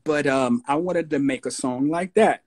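A man in his sixties with a New York accent, a guest recalling his past in a relaxed storytelling interview. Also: on the high side. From United States. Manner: slow, unhurried storyteller with husky tone, breaks into voices of radio DJs.

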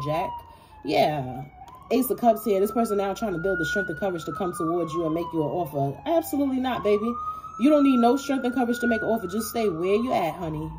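Woman tarot reader, lowish mellow voice, blunt and profane, talks straight to viewers. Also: slight background noise. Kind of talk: casual tarot reading.

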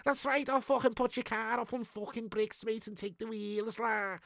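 A man's voice: high-pitched, fairly even intonation, moderate pace, creaky, fairly bright tone, dry recording, clean studio sound, pitched above the performer's own voice. A man doing a jokey Scouse-accented impression of a cocky, threatening lad. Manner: swaggering, swearing, jokey. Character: cocky rough Liverpool lad, male, threatening.

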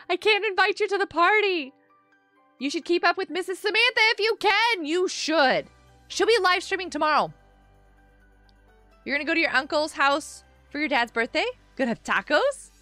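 Bubbly high-voiced woman streamer. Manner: bubbly and animated, frequent gasps and laughs. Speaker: livestream host. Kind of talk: casual live-stream chat to viewers while gaming.

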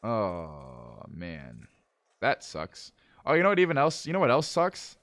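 A man chatting casually with viewers while live-streaming a game, calmly planning moves, then breaking into exasperated outbursts. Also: fairly high pitch, a little fast, no echo. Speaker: livestreamer playing a management game. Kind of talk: casual live gameplay commentary.

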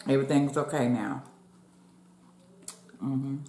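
A woman's voice: rumbling low, steady tone, slow pace, dark tone, a little hiss or hum. Chatty woman eating and talking, echoey room. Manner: chatty, talks with mouth full, addresses viewers as y'all. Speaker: mukbang vlogger. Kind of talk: casual chat while eating.

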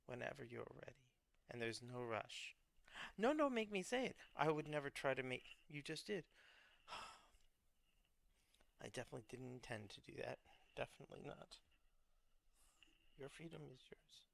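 A man's voice: medium pitch, unhurried, vocal fry, long pauses, a bit bright. Guy knitting and mumbling to himself, goofy little noises, tense crackly voice. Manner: mutters to himself, playful nonsense sounds. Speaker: vlogger. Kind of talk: casual chat while knitting.

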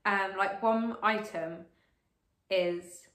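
A woman in her late teens chatting to camera as a vlogger while she eats, gushing and excitable, with lots of fillers. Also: mid-range voice, very slow. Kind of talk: casual to-camera vlog while eating. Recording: roomy echo.

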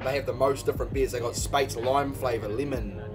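A man's voice: mid-range voice, steady tone, brisk, music in the background. A young man with a New Zealand accent hosting a casual beer tasting, swearing freely and laughing often. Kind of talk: casual chat.

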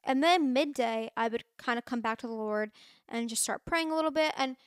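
A woman's voice: on the high side, a little fast, clean tone, dry recording. Earnest chatty young woman, dry close sound. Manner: chatty, earnest, many fillers and restarts. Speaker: podcast host. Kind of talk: casual faith talk to listeners.

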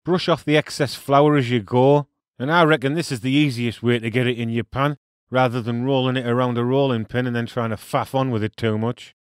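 A man with a broad Teesside accent talks through a recipe in a relaxed, jokey way. He peppers his steps with local slang and mangled French. His voice sits at a middling pitch and sounds dry and close to the mic. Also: a little fast, clear, resonant tone, no room sound. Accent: Teesside English. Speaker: cooking show host. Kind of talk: casual cooking demonstration.

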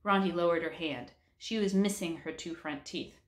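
A woman reading a children's book aloud with animated storytelling. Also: on the low side, moderate pace. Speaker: read-aloud narrator. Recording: roomy echo.

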